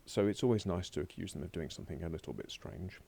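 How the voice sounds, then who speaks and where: A male French teacher records a lesson at a laptop, at home or a classroom desk, his voice low, gravelly, dark, and mellow. He speaks quickly and expressively, talking to himself as he steps through the slides, with slight noise in the background.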